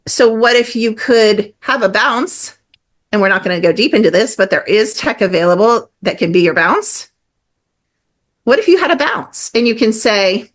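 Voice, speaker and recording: A middle-aged woman talking as a guest on a podcast, animated and emphatic, with many fillers and acted-out quotes. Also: fairly high pitch, moderate pace. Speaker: guest energy healer. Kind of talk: casual podcast conversation.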